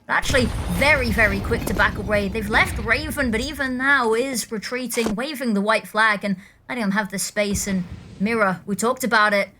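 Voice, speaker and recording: A woman with a British accent casting a live esports match, mixing playful banter with quick play-by-play. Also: fairly high pitch, sharp tone, a little hiss or hum. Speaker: esports caster.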